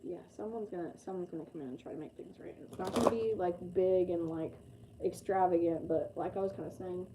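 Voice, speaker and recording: A woman's voice: fairly low pitch, steady tone, fairly quick, noisy background. A woman giving a casual, rambling tarot reading, full of fillers and the odd swear. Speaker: tarot reader.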